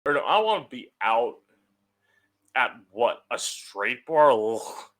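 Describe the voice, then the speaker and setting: A man's voice: mid-range voice, very animated, takes it slowly, fairly bright tone. A young man hosting his own podcast from home, talking casually in a chatty, sardonic way and swearing freely. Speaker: podcast host. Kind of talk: casual solo podcast monologue.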